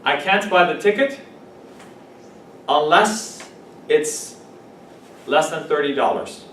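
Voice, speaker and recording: Guy teaching english in a classroom, a bit high-ish voice, slow and patient, mic far off and echoey. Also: animated, a bit bright, slight background noise. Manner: patient, drills example sentences, stresses words slowly.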